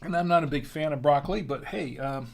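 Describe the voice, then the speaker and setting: A man's voice: a little high, fairly quick, vocal fry, a little hiss or hum. A man hosting a wine tasting livestream, chatting casually and rambling with lots of fillers. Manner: rambling, chatty, self-deprecating with frequent fillers. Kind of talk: casual live-stream chat.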